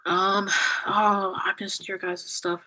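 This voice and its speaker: Her delivery is flat and slow, mid-pitched with a sharp tone, as this young woman chats on a farewell livestream and reads comments. She's holding back tears, apologizing and rambling with plenty of fillers. There's a little hiss or hum on a rough recording.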